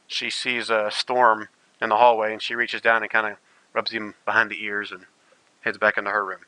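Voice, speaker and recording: Bright, dry-voiced game master man. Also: fairly low pitch, level tone, moderate pace, no echo, rough recording. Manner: rambling, restarts often, playful. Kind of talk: narrating a tabletop game.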